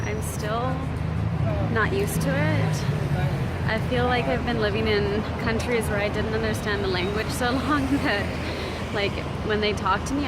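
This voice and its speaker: A young woman talks casually into a handheld camera as she strolls outdoors, her chatty, rambling speech full of fillers. Loud street traffic and city noise fill the background. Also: mid-range voice. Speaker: travel vlogger. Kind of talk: casual walking vlog.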